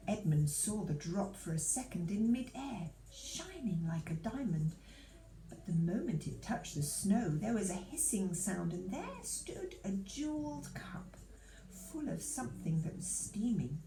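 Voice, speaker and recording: A woman reading a children's storybook aloud to a church audience in an expressive, lively manner. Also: medium pitch, roomy sound, poor audio.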